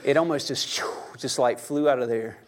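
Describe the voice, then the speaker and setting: A man's voice: medium pitch, normal speed, crowd noise. A young adult male pastor preaching a sermon in a church, talking with the congregation in a loose, joking way and firing questions at them. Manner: conversational, joking, asks the audience questions.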